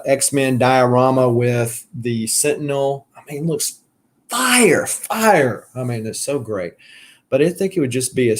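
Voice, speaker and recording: Southern us guy rambling on his live stream, lots of uhs and restarts, medium pitch, chatting back to viewers. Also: darkish tone. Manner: rambling, many fillers and restarts; reads out and answers viewer comments. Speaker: collector channel host. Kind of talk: casual live-stream chat.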